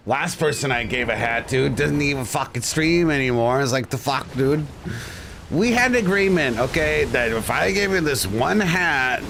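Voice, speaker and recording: A man's voice: medium pitch, vocal fry, a bit bright, a little hiss or hum. A man streaming live and chatting casually with his viewers, blunt and crude, joking and ranting. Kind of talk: casual livestream chat.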